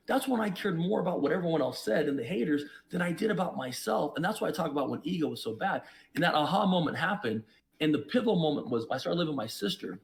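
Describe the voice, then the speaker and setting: A man's voice: expressive, quick pace, creaky. Emphatic man preaching life lessons. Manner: emphatic and preachy, with sharp swings in pitch and loudness. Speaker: podcast guest, investor and entrepreneur. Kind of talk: reflective storytelling.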